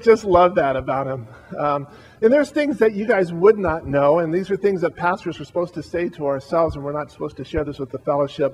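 Man, pastor, memorial eulogy, heartfelt, halting, somewhat high voice. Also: husky, rough recording.

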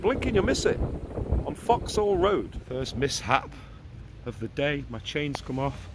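A man's voice: fairly high pitch, sing-song, measured pace, noisy background. A man, vlogging casually outdoors in the rain, chatty and jokey with laughing asides. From England. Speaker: food vlogger. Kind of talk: casual vlog talking to camera.

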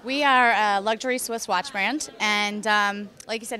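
A woman pitches her company's products in an event interview. Her voice is bright and crisp, and she talks in a friendly way with frequent hesitations. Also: fairly even intonation, normal speed. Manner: friendly, many um fillers. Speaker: brand representative.

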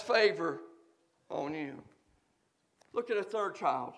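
A man with a Southern American accent preaching a folksy sermon in a church, swinging from quiet asides to shouted emphasis. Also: a little high, animated, slow. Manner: folksy, joking. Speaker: guest preacher. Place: church sanctuary.

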